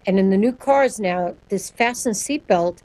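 Woman, interview guest, quick and animated, conversational. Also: medium pitch, low-quality recording. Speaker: sonic branding guest.

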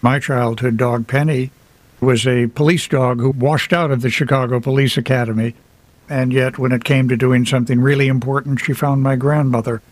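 A man's voice: mid-range voice, steady tone, moderate pace. A man speaks as an author guest on a radio interview. He tells personal stories in a reflective way with touches of humor. His voice sits in a middle register and sounds dry and close, with no room echo. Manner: reflective, anecdotal, light humor with laughs. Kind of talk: radio interview, casual storytelling.

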